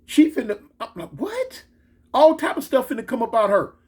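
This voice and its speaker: A man telling a story in a casual, slangy, animated way. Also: very high-pitched, quick pace, slightly rough. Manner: animated, slangy, switches into excited quoted voices.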